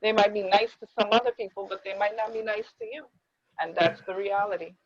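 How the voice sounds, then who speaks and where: A woman in her thirties, a podcast host, runs a casual panel discussion at a medium pitch, speaking a little fast with fairly even intonation and the highs cut off. She is emphatic and repeats herself, acting out other people's words as she makes her points.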